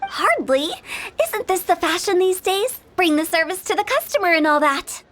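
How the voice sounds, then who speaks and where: A woman's voice: very high voice, animated, normal speed, a bit bright, slight background noise. A woman voicing a playful, mischievous young funeral director with cheeky sales patter, over game music. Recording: game soundtrack playing under voice.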